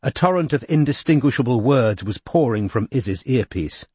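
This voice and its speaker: A man narrating a novel in a measured, expressive way. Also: medium pitch, husky, no room sound. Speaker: audiobook narrator. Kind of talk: scripted narration.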